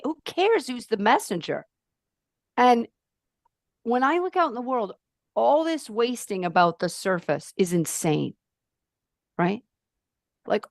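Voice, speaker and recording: A woman's voice: creaky, dry recording. Podcast guest: a forthright woman with emphatic delivery, recorded close and dry. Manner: emphatic, outspoken, animated ranting with swings in pitch. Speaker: podcast guest, life purpose coach. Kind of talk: casual podcast conversation.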